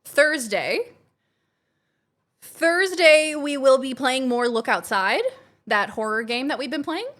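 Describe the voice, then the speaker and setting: Woman streamer, upbeat and chatty, slightly high voice, casual livestream talk with chat. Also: animated, a little slow, a bit bright. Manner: bubbly, chatty, reacting to chat. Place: home, kitchen.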